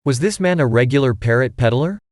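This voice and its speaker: A man's voice: medium pitch, animated, a little fast, a little mellow, no room sound, studio quality, lightly acted. A man reading an audiobook, voicing a clever teenage boy detective who speaks in precise, formal phrases. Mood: probing.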